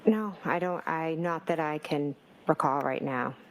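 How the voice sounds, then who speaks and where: Low gravelly-voiced woman testifying in court. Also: a little slow, a little hiss or hum, low-quality recording. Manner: hesitant, many fillers and restarts. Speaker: trial witness.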